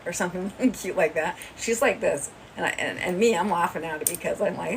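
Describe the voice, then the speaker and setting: A woman's voice: on the low side, fairly quick, gravelly, recorded from a distance, a little hiss or hum, poor audio. A woman hosting a livestream, telling a rambling, gossipy story in a chatty way. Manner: rambling, chatty, often laughing. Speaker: livestream host. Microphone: phone.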